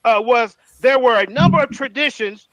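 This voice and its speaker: A man arguing in a live online debate, combative and rapid, often reading from notes. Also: very high voice, a bit bright, no echo, low-quality recording.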